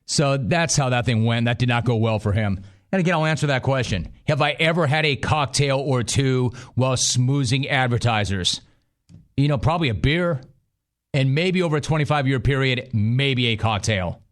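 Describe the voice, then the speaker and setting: A man's voice: medium pitch, moderate pace. A middle-aged male sports radio host delivers a studio monologue. He is emphatic and sardonic. He drives his points home through repetition.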